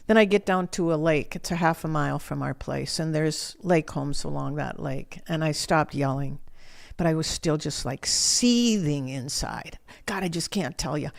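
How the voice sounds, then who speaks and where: A woman's voice: deep voice, moderate pace, vocal fry. A woman sharing a personal faith testimony as an interview guest, telling her story in a vivid, emphatic way.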